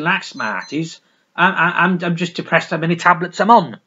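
A man's voice: high-pitched, a little slow, sharp tone, slightly rough, dull audio. A man reviewing records in a casual, rambling, sweary way, full of restarts. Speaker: music vlogger.

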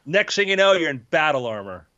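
A man's voice: fairly high pitch, sing-song, brisk, pushed and bright, dull audio. A man narrating as game master in a tabletop game, with loose, joking narration and asides.

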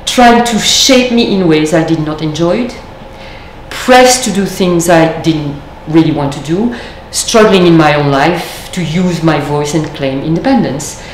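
A woman speaks slowly and thoughtfully, giving a reflective lecture. Her voice sits a little low, and it rings in a reverberant lecture room with faint background noise. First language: French. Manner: measured, thoughtful, with deliberate pauses.

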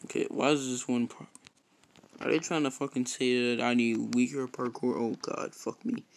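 A man giving casual gameplay commentary, swearing constantly and breaking into loud frustrated outbursts. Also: mid-range voice, steady tone, moderate pace, poor audio. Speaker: gamer and YouTuber.

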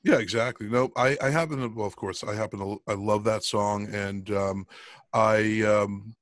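A man's voice: on the low side, fairly even intonation, moderate pace, no room sound. Rambling middle-aged man podcaster. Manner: rambling with many ums and restarts. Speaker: podcast co-host. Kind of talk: casual podcast chat.

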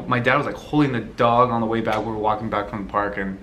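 A young man from the United States answering viewer questions in a relaxed, rambling way, laughing easily. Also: fairly low pitch, fast talker. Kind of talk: casual Q&A chat.

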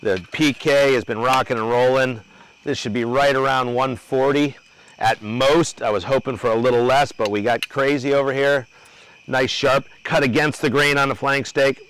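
A man's voice: medium pitch, steady tone, normal speed, fairly bright tone, slight background noise, rough recording. A man hosting an outdoor cooking demo at a grill, talking loosely and joking with his crew and the viewers. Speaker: cooking show host.

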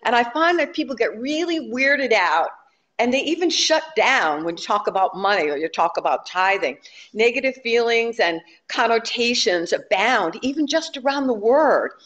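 Conversational woman minister, slightly high voice. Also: animated, normal speed, fairly bright tone, lo-fi sound. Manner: conversational and humorous, telling jokes to the congregation. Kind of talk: sermon.

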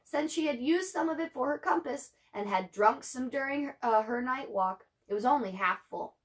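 A woman teacher reading a children's novel aloud to her class in an expressive way, adding chatty asides for her students. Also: high voice, moderate pace.

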